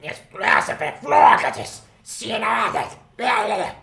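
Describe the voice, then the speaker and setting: A man voicing a small, angry male goblin with a gravelly, creaky voice, drawing out his words in a slow, sing-song way. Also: high-pitched, animated, bright, forceful tone, voice pushed up, heavily acted. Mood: gloating.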